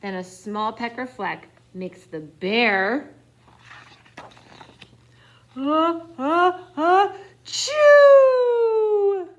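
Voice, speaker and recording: Slow, expressive woman reading a picture book. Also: medium pitch. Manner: expressive, dips into whispers. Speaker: storyteller. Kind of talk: picture-book read-aloud for children.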